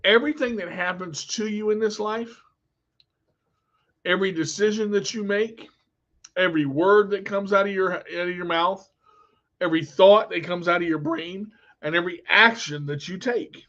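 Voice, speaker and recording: A man's voice: sits high, moderate pace, a bit bright, lo-fi sound. A man vlogging in a candid, blunt monologue, telling personal stories with emphasis.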